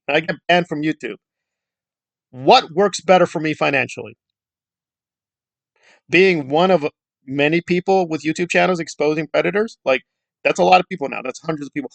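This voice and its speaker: A man rants to camera in a scornful, insulting tone and hammers the same points again and again. His pitch swings widely as he mocks and scolds. The sound is dry and close, with no room around it. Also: lively intonation, moderate pace, gravelly, dry recording. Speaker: YouTube commentator. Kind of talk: angry commentary rant.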